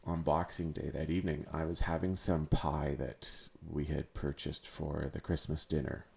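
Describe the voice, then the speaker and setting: A man hosting a podcast, talking through a personal story in a halting, searching way with many restarts. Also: a bass voice, level tone, gravelly, darkish tone. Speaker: podcast host. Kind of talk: personal monologue.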